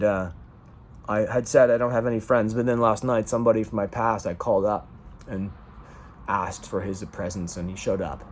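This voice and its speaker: A man's voice: lowish voice, a little mellow, slight background noise. A man venting raw emotion in a rambling personal vlog monologue. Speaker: vlogger.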